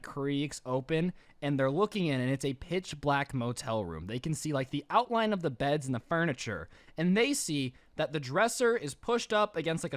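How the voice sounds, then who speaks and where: A man's voice: on the high side, dry recording, clean studio sound. A man telling a scary story in a casual storytime style, joking and slangy. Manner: animated, joking, slangy asides. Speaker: storytime youtuber.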